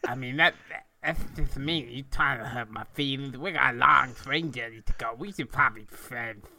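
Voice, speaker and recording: A man's voice: medium pitch, moderate pace, creaky, pushed and bright. A man voicing a creepy, childlike little man in a sailor suit with a lisping, sing-song voice. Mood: eerie.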